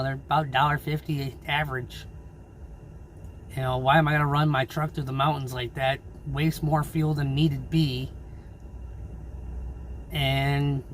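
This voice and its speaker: A man who drives his own truck, ranting angrily and swearing in a casual vlog about low freight rates. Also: a little hiss or hum. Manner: angry, swearing, frustrated. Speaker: owner-operator truck driver.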